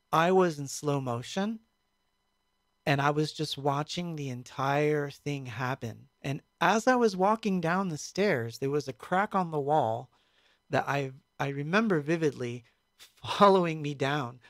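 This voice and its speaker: A man with a slightly high voice tells a story at an easy, reflective pace, pausing often on fillers. The sound is dry and close, with no room around it. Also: expressive, no echo. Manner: halting, reflective, many fillers. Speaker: musician recounting a tour. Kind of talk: casual storytelling stream.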